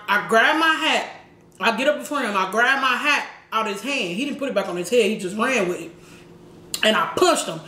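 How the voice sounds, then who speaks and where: A woman vlogger telling a slangy, animated story while eating, with shouted sound effects. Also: a little high. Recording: echoey room with faint background noise.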